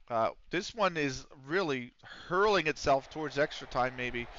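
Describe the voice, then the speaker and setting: A man's voice: fairly high pitch, animated, slow pace, pushed and bright, lo-fi sound. A man livestreaming a game, chatting casually with viewers, swearing freely and breaking into play-by-play calls. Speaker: streamer.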